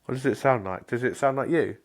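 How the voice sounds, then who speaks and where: A man co-hosting a casual chat podcast, talking in a halting way with lots of restarts and swearing. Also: medium pitch. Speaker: podcast co-host.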